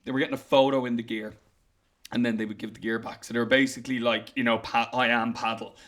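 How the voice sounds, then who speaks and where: A man co-hosting a comedy podcast, chatting in a lively, jokey way. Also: mid-range voice. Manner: lively, jokey, quick to laugh. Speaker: podcast co-host. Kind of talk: casual comedy chat.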